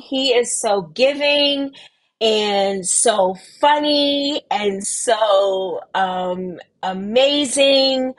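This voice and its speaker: A middle-aged woman, hosting a casual community livestream, speaking warmly and reading viewers' comments aloud with drawn-out emphasis. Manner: warm, affectionate, reads viewer comments aloud; slow, drawn-out emphasis with lively pitch lifts. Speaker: host of a weekly community livestream.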